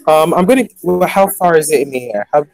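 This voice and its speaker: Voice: mid-range voice, animated, fairly quick, a little mellow, no echo, poor audio. A player in a casual tabletop game, thinking aloud and counting dice with fillers.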